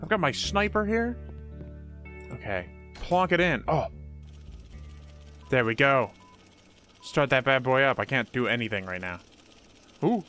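Goofy, animated gamer man. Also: medium pitch, unhurried, pauses often, soft background music. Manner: goofy, talks to himself, exclaims often. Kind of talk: let's play commentary.

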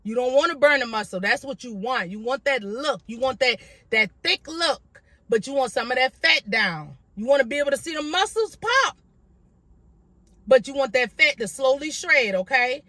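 Young woman fitness vlogger, high and crisp, sassy and chatty, recorded dry. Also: expressive, normal speed, bright, forceful tone, no echo. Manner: sassy, chatty, calls viewers girl and baby. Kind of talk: casual talking-head vlog. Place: at home.

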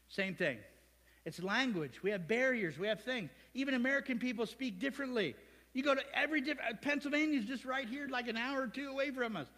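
A male pastor from Ohio preaching a sermon in a church, lively and conversational, with asides to the congregation. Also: high voice, in a large hall. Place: church sanctuary.

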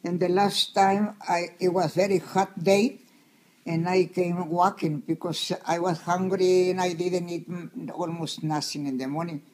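A woman in her nineties telling a story from her childhood, halting and searching for words with many fillers. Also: on the low side, fairly even intonation, a little mellow. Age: 90s. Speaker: interviewee. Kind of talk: reminiscing storytelling.

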